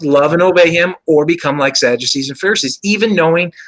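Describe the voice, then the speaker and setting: A man's voice: on the high side, fairly quick, fairly bright tone, low-quality recording. A man hosting a show, earnestly explaining his religious views in casual conversation, with frequent "you know" fillers. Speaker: show host. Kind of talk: casual faith discussion.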